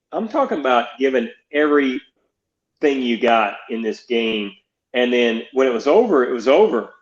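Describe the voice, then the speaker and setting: Guest: older man, rambling storyteller, echoey dull recording, roomy. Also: medium pitch. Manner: rambling, many restarts, quotes others in dialogue. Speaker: guest, baseball pitching coach. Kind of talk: storytelling interview.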